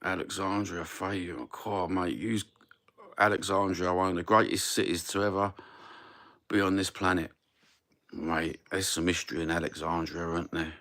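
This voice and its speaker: An older English man with a broad Cockney accent, talking in a deep, low voice. He rambles along in a friendly live chat and throws in "mate" and "brother" as he answers viewers. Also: flat delivery, moderate pace, fairly bright tone. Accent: Cockney London. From England. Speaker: live stream host.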